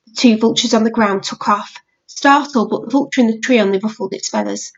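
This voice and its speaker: Woman reading a novel aloud. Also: a little high. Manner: measured storytelling. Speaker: reader. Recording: dull lo-fi audiobook recording.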